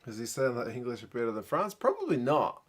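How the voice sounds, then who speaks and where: A man's voice: mid-range voice, quick pace. Laid-back New Zealand man chatting with viewers. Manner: relaxed, muttered asides and chatty replies to viewers. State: tired, late at night. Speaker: live-stream host. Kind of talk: casual live reaction stream, reading chat.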